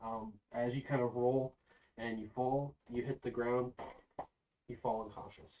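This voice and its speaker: A man's voice: medium pitch, level tone, measured pace, muffled recording. A man running a tabletop game as game master, narrating the action loosely with many fillers. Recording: voice a bit far from the mic.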